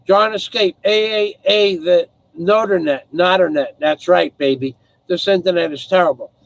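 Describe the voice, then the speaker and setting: A man hosting a casual live stream from home, rambling as he reads out viewer names and thanks donors, his voice hoarse from singing. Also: high-pitched, normal speed, no echo, low-quality recording. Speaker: livestream host.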